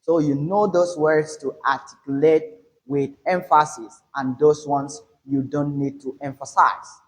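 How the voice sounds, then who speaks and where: A man teaching an English lesson, explaining slowly and with emphasis. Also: fairly high pitch, steady tone, slight background noise, low-quality recording. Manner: slow, deliberate, emphatic explaining.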